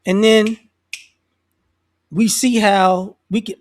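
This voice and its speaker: High-voiced man rambling social commentary. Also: fairly even intonation, takes it slowly. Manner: rambling, loose, slangy, with many restarts; acts out other people's voices in quotes. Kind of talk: casual social commentary monologue.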